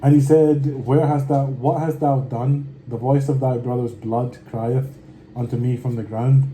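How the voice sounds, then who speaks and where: A man reading scripture aloud slowly and deliberately, breaking off now and then for slangy, offhand comments. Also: mid-range voice, fairly even intonation, warm tone, slight background noise, rough recording. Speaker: scripture reader.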